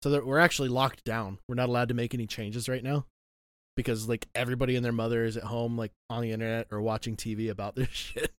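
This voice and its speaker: Brief: man, casual chat, rambling and easygoing, mid-pitched, dry close sound. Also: fast, no echo. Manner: relaxed, rambling, laughs easily.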